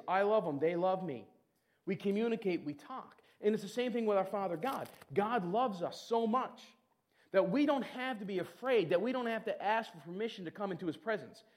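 Brief: middle-aged male preacher, high voice, animated sermon delivery. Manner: animated, acts out prayers in a mocking whiny voice.

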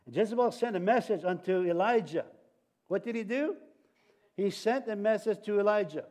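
A male preacher giving a sermon, halting and restarting often, with light jokes. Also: high voice, a little mellow.

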